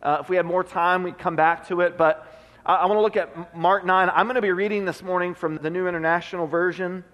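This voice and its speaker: A man's voice: high-pitched, steady tone, fast, lo-fi sound. A man giving a sermon in a church, preaching in an earnest, conversational way with frequent restarts. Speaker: pastor. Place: church sanctuary. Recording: long hall reverb.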